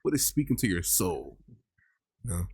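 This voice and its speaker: A man's voice: low voice, big pitch swings, moderate pace, a little mellow, husky, no echo, clean studio sound. Laid-back man hosting a chat. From Georgia. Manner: rambling, many "like" and "I mean" fillers. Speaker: podcast host. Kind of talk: casual chat. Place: virtual reality chat room.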